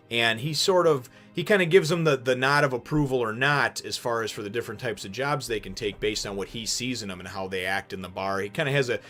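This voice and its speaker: A man with a mid-range voice hosts a casual review of a manga chapter. He rambles, using many fillers and restarts, and breaks into sudden animated bursts.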